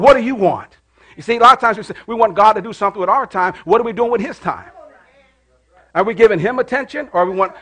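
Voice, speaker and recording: A middle-aged man preaching a sermon in church, calling out to the congregation and dropping to hushed prayer. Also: high voice. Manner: call-and-response preaching, rising to shouts and dropping to hushed prayer. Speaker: pastor.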